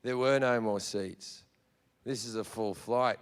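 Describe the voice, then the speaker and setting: An Australian man doing profane, animated stand-up storytelling on a theatre stage. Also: lowish voice, measured pace, smooth. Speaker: stand-up comedian.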